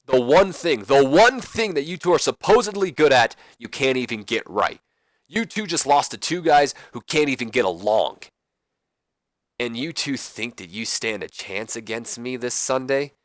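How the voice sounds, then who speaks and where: A man voicing an arrogant male wrestler who taunts in a slow, sneering delivery. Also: mid-range voice, lively intonation, dry recording, studio quality, lightly acted.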